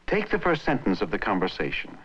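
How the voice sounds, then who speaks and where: A man narrating an educational film in a clear, measured way. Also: fairly low pitch, wildly swooping pitch, background noise. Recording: muffled old film soundtrack.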